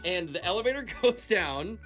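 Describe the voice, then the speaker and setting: A man co-hosting a radio show, telling a story in an animated way and acting out the quotes. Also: sits high, moderate pace, soft background music. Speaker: radio co-host.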